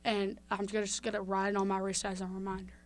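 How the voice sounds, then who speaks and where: A young woman from Mississippi guests on a podcast, sharing her story openly in a casual interview. Her medium-pitched voice is monotone and a little fast, and her chatty, candid telling is full of fillers and restarts.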